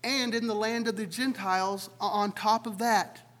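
Pastor, male, high-pitched, delivering a chatty sermon full of rhetorical questions, with a long hall reverb. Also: fairly even intonation, normal speed, fairly bright tone. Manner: conversational, poses rhetorical questions to listeners.

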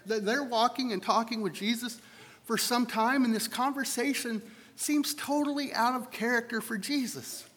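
A man's voice: extremely high pitch, moderate pace, fairly bright tone. A man preaching a sermon to a congregation in a conversational way, often repeating words as he thinks aloud. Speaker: pastor. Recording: long hall reverb.

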